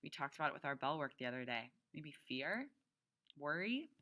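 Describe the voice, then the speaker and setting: A woman teacher reads a novel aloud to her class. She stops often to explain words and to check that the students understand. Her voice is low and bright, with a crisp edge. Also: big pitch swings, normal speed.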